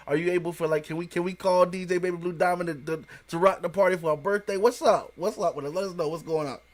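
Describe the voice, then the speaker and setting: A man's voice: high voice, steady tone, fast talker. A man hosting a podcast interview in casual chat, often restarting sentences and repeating "you know what I'm saying". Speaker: podcast host.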